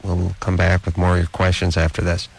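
A middle-aged man hosts a late-night radio show in a lowish voice. He rants and jokes sarcastically, sliding into quick impressions of the people he mocks. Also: monotone, gravelly. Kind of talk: casual radio banter.

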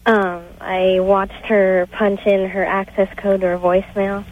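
An eighteen-year-old woman on a call-in line, halting and unsure, full of fillers. Her pitch sits mid-range for a woman. The call sounds muffled and lo-fi. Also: flat delivery. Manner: hesitant, halting, many fillers. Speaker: caller. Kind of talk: phone-in call. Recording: dull phone-line call.

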